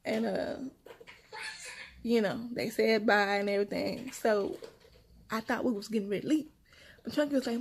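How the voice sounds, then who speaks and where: A young woman and mother, casually telling her viewers a story in a chatty, animated way and repeating her phrases as she goes. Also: a little high, normal speed, long pauses, slightly rough. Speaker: mother vlogging about her kids.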